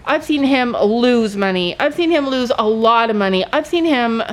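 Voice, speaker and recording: A woman's voice: on the high side, expressive, normal speed. A woman vlogging on her farm, talking emotionally and rambling, often repeating herself. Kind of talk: casual talk to camera. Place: farm barn.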